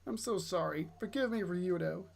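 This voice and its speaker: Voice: mid-range voice, moderate pace, creaky, a little mellow. A player reading aloud for a remorseful young woman who keeps apologizing. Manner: pleading, apologetic.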